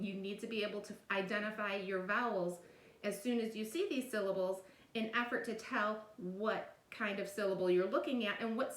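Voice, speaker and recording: Patiently walking through a recorded video lesson step by step, this woman teacher keeps checking in with "all right?". Her voice is medium-pitched and fairly bright, picked up off-mic from a distance in an echoey room.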